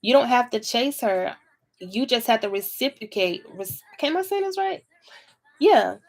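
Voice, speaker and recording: A woman's voice: fairly high pitch, animated, a little slow. A woman giving a casual tarot reading to camera, talking in a blunt, chatty way with plenty of swearing. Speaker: tarot reader.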